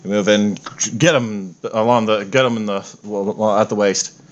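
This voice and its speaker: A man's voice: fairly low pitch, steady tone, moderate pace, dull audio. Playful man narrating as game master. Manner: playful, self-correcting narration.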